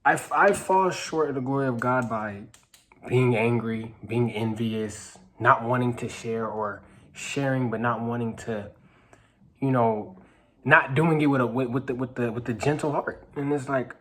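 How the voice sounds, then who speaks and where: Young man, nineteen, testimony vlog; halting, earnest, sometimes drops to a hush. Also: mid-range voice. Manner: earnest, halting storytelling with many restarts and repeated phrases. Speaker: vlogger. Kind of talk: personal testimony told to camera.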